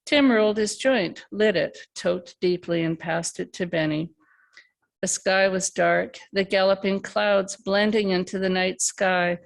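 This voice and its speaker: A woman reading her own fiction aloud at an open mic, steady and measured. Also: mid-range voice, vocal fry. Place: live reading event, remote by video call.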